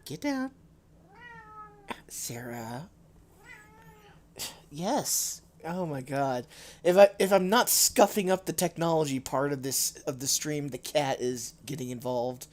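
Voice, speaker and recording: Slow-talking, rambling male streamer. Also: on the high side, animated. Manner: rambling and self-deprecating, with frequent restarts and sighs. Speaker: game streamer. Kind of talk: casual live-stream chat. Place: home streaming setup.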